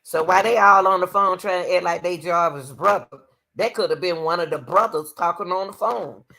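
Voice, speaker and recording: A woman's voice: fairly low pitch, normal speed, gravelly, sharp tone. A woman livestreaming reaction commentary on a court case, speaking emphatically to her viewers and often calling on the Lord. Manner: emphatic, exclaims to the Lord, talks to viewers as y'all.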